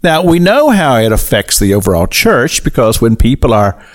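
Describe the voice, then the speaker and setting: A middle-aged male pastor delivers a radio sermon slowly and deliberately, building to emphatic highs as he tells the story. His pitch swings widely.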